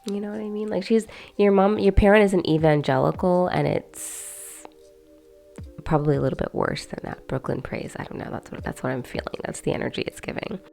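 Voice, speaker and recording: Young female vlogger, low and gravelly, loose chatty rambling delivery. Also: fairly even intonation, fairly quick, warm tone, soft background music. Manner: rambling and chatty, many fillers and asides. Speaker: video host. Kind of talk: casual chat to camera.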